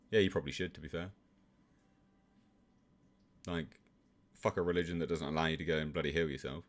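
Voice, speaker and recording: A man's voice: a bass voice, fairly even intonation, a little fast, pauses often. A man, hosting and reading a comic aloud with sarcastic, profane commentary. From England. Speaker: host.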